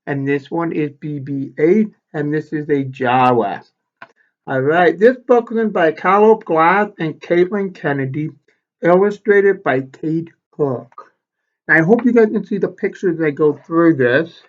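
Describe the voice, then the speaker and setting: This male elementary school teacher, whose voice sits on the high side, reads a picture book to kids at a measured pace, full of expression and stopping to explain the images. The highs in the audio are cut off.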